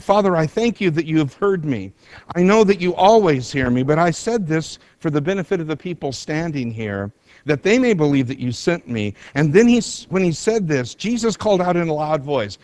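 A man's voice: a little high, no echo. A man preaching an earnest sermon, retelling a scripture story with rising emphasis. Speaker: pastor.

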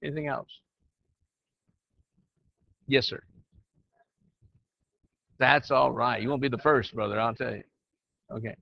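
A man's voice: medium pitch, a little slow, vocal fry, long pauses, no room sound. An older man who counsels and teaches church leaders, talking in a folksy, conversational way that slips into preaching. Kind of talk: informal teaching to a group. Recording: dry, muffled lo-fi recording.

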